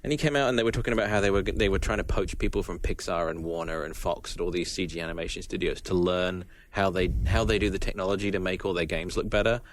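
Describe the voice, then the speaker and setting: Fast-talking low-voiced man. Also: steady tone, a little hiss or hum. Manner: quick, questioning, jumps in. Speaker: podcast co-host. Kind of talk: casual chat.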